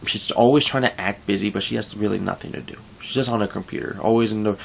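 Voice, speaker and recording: A man's voice: lowish voice, steady tone, fast talker, creaky, few pauses, a little hiss or hum. A young man talking casually in a vlog, venting frustration about his workplace in a rambling way with frequent restarts. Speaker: vlogger.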